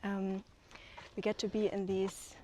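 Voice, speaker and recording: A woman's voice: medium pitch, monotone, measured pace, warm tone. Woman, eager tour guide, lots of ums, recorded outside with light background hiss. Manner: enthusiastic, with many fillers. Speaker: co-founder giving a land tour. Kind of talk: walking tour chat. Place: outdoors on hillside land.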